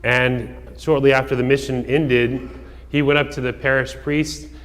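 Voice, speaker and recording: A man, a priest, giving a homily in a relaxed storytelling way, with casual asides and fillers. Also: mid-range voice, unhurried. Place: church. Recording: long church reverb.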